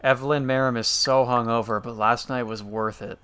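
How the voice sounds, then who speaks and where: A man's voice: mid-range voice, steady tone, normal speed, bright, forceful tone, clean tone. A man streaming a game, reading its messages aloud in an easygoing running commentary.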